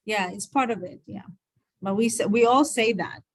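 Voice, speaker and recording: A woman's voice: mid-range voice, no echo. Patient woman from Israel teaching Hebrew. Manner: patient, repeats sounds slowly, chatty asides. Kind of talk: online Hebrew class.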